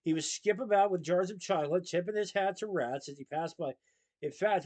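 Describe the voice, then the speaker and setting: The audio is poor in this clip of a somewhat high-voiced man reading from a children's novel. His storytelling is steady and lively, much like reading a chapter at bedtime.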